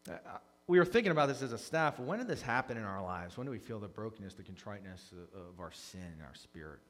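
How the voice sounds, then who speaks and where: Earnest pastor preaching in a reverberant hall. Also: male voice, fairly low pitch, expressive, quick pace. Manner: earnest, swings from hushed confession to loud emphasis. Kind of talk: conversational sermon. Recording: long reverb of a large hall.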